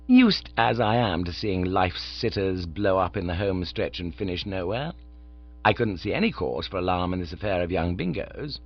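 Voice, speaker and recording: A man narrating an audiobook in the first person with relaxed, lightly comic storytelling. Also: sits low, normal speed, highs cut off.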